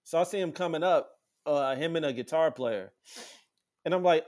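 A man with a slightly high voice tells a story in loose, profane podcast chat. He acts out other people's lines, jumping up into a much higher voice for the quotes. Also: moderate pace, long pauses. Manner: animated, acts out quotes with sudden high-pitched voices, swears freely.

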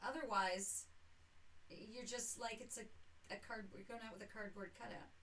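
A woman's voice: medium pitch, steady tone, moderate pace, a bit bright, slight background noise, poor audio. A mother chatting on a podcast as a guest, telling rambling stories with wry, blunt remarks. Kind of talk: casual podcast chat.

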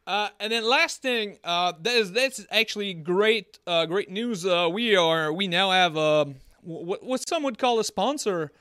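Male co-host with a French accent, high and bright, loose rambling banter, dry close mic. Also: lively intonation, measured pace, hardly any pauses, clean tone, no room sound. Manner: rambling, joking, many fillers and restarts. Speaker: podcast co-host. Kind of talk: casual chat.

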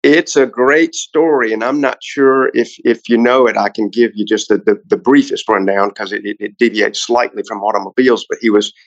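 A man's voice: fairly low pitch, normal speed, few pauses, no echo, muffled recording. A man, a car collector guest on a podcast, telling a long story in a casual, rambling way with many restarts.

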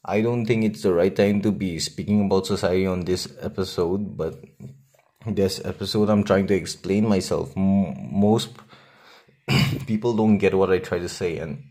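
A young man with a Nagaland accent, a native Nagamese speaker, hosting a solo podcast in a blunt, profane, defiant way with long pauses. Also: deep voice, steady tone, darkish tone. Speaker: podcast host.

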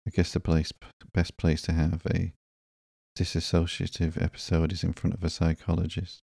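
A man's voice: low-pitched, monotone, normal speed, creaky, mellow, breathy edge, dry recording, studio quality, heavily acted. A man reading as a wisecracking reformed villainess. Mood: flippant. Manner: flippant, joking.

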